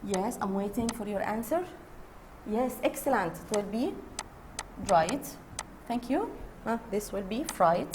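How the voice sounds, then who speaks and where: Slow-talking woman teacher. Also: medium pitch, lively intonation, background noise. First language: Arabic. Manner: slow, repeats key words, switches into Arabic to explain. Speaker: English teacher. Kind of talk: online grammar lesson.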